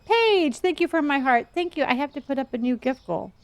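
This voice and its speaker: A woman with a slightly high-pitched voice streams a game in a casual, chatty way. She keeps up playful, gently teasing commentary and thanks viewers by name, calling them honey and dear. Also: lively intonation, brisk, no room sound. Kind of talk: casual live-stream chat while playing.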